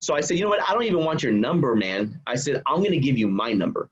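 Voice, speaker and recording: A man guest on a podcast, telling a personal story in an animated way and acting out the voices of the people in it. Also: mid-range voice, fast talker, slightly rough, highs cut off. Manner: acts out quoted voices.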